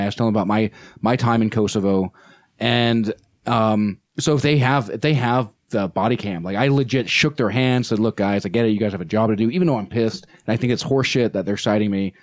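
A man who is a nonprofit spokesperson, telling an animated story as a podcast guest with many fillers and restarts. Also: on the low side, no echo, clean studio sound.

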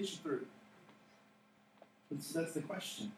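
Pastor, male, mid-high voice, storytelling sermon that builds to emphatic, laughing asides; distant mic in a boomy sanctuary. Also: sing-song, fairly quick, pauses often, warm tone. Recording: echoey hall, off-mic, faint noise.

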